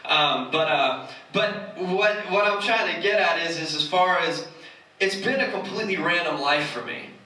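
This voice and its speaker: A man's voice: high-pitched, moderate pace, pushed and bright. A man, giving a casual, joking sermon in a church. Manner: joking, conversational, self-mocking. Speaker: church speaker. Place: church hall. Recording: echoey hall from far off.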